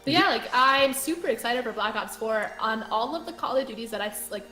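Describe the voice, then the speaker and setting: A woman's voice: on the high side, animated, a little fast, sharp tone. A woman guest chatting casually about video games, full of "like" fillers. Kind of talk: casual gaming chat. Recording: echoey room with faint music.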